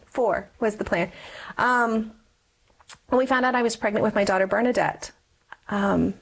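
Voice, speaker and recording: A woman's voice: mid-range voice, moderate pace, vocal fry, long pauses, low-quality recording. A woman in her forties giving a personal testimony in an interview, earnestly telling her story and acting out past conversations. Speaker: guest.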